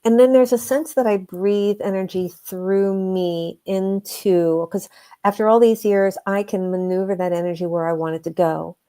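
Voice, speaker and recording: A woman with a mellow, warm voice talks through a client story in an unhurried way. She is earnest and emphatic, and she leans into key phrases as a healer explaining her work. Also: mid-range voice, steady tone. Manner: earnest, emphatic, slows down to stress points. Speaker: guest, energy healer. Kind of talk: conversational storytelling.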